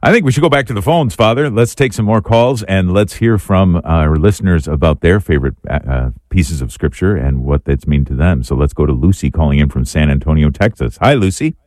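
A man hosting a radio talk show, thanking his crew and introducing guests and callers in an unhurried way. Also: low-pitched, animated, darkish tone, no room sound.

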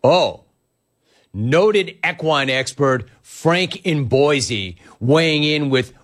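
Animated, emphatic male talk host. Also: on the high side, drawn-out words. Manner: emphatic, storytelling, riffing on listeners' comments. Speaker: sports talk show host. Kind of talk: sports talk monologue.

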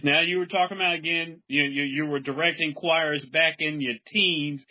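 A man's voice: fairly high pitch, fairly even intonation. Curious male interviewer, lo-fi sound. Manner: friendly, curious, halting questions. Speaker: interview host. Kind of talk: casual interview. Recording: dull lo-fi sound.

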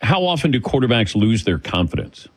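A man's voice: medium pitch, very animated, brisk. A man hosting an interview and asking teasing, joking questions. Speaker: interview host. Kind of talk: casual interview chat.

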